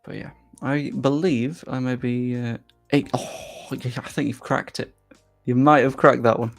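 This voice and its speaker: A man's voice: medium pitch, steady tone, unhurried, gravelly, soft background music. A young man from England with a faint Yorkshire accent, casually chatting on a live stream and reading out viewer comments in a self-deprecating way.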